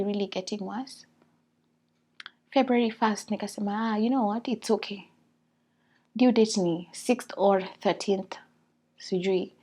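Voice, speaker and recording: Kenyan woman vlogger, lively storyteller, mid-range voice, code-switching chat. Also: medium pitch, breathy edge. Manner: animated, mixes English and Swahili. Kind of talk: casual storytelling.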